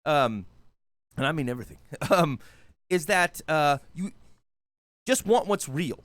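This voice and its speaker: A man co-hosting a podcast, talking in a wry, deadpan, halting way in casual comedic chat. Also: a little high, dry recording. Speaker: podcast co-host.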